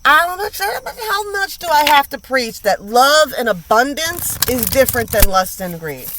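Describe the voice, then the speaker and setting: A woman reads tarot in a casual, unscripted way, with a bright, sharp edge to her voice. She talks bluntly, piles up slang and swearing, and hammers her points home by repeating them. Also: sits high, sing-song, normal speed, a little hiss or hum. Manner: emphatic, blunt, repeats lines for emphasis; slangy and profane. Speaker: tarot reader.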